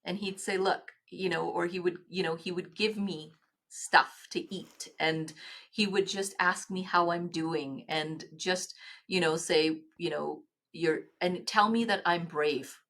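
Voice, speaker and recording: A middle-aged woman speaks as a podcast guest. Her voice sits a little low. She tells her stories earnestly, pausing and restarting her sentences as she goes. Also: steady tone, vocal fry, fairly bright tone. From Canada. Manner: earnest, halting, with many restarts. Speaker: guest, nonprofit executive. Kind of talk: podcast interview storytelling.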